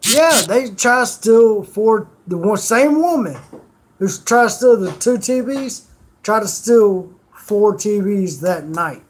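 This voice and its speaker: A man's voice: high voice, animated, takes it slowly, a little hiss or hum. A man streamer telling rambling stories in casual chat, swearing freely.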